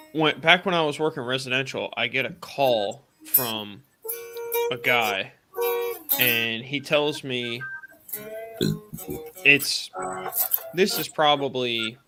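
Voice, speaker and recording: A man co-hosting a live stream, casually telling a funny job story, profane and laid-back, acting out what people said. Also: mid-range voice. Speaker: co-host and tradesman.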